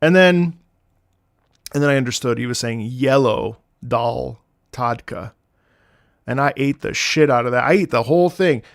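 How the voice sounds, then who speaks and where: A man in his late thirties chatting casually as a streamer reacting to game music, excitable and swearing freely as he jumps between topics. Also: mid-range voice, moderate pace, creaky, no echo, studio quality. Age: late 30s. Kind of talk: casual rambling chat.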